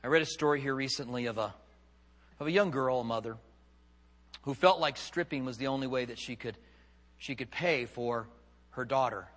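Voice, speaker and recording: A man preaching a sermon, swinging from loud, fervent passages to hushed, quiet ones. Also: mid-range voice, big-room sound. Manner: dramatic, swings from loud fervor to hushed tones. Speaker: pastor.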